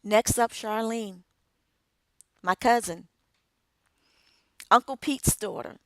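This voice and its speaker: A middle-aged woman delivers an inspirational speech, her voice sitting a little low. She takes her time, leaning on each phrase with emphatic, measured pauses. The sound is close and dry, with no room around it. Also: a bit bright, dry recording. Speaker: author and radio co-host.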